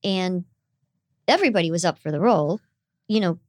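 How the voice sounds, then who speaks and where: A woman's voice: fairly low pitch, expressive, fairly quick, darkish tone, no room sound. A middle-aged woman voice actor with a youthful, girlish-sounding voice, chatting animatedly as an interview guest. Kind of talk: casual interview chat.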